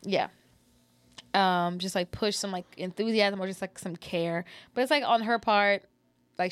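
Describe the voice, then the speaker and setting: A woman co-hosting a casual chat, talking loosely with many fillers. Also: on the low side. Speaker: podcast co-host.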